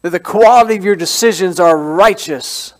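A man with a high voice preaches to his church in a casual, animated way. He keeps throwing questions out to the people listening and repeats his main lines to drive them home. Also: moderate pace. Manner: lively and conversational, asks the congregation questions and repeats key phrases. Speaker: pastor. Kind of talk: sermon. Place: church service.

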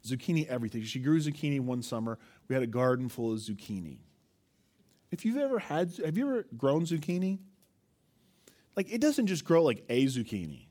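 A man's voice: medium pitch, a little fast. A male pastor preaching a sermon, telling stories with animation and asking the congregation questions. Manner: animated storytelling, acts out quotes, asks the listeners questions.

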